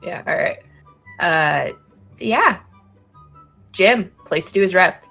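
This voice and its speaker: A woman's voice: on the low side, expressive, takes it slowly, gravelly, sharp tone, breathy edge, faint music behind. A woman chatting playfully while playing a video game, reading game text and giggling between lines. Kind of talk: casual gaming chat.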